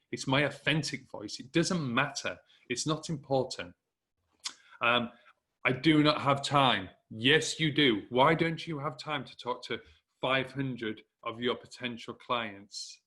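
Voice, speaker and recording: A man's voice: mid-range voice, bright, forceful tone. A man with a northern English Hull accent giving a direct, encouraging motivational talk to business owners. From northern England. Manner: direct, encouraging, emphatic repetition. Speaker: speaker coaching business owners.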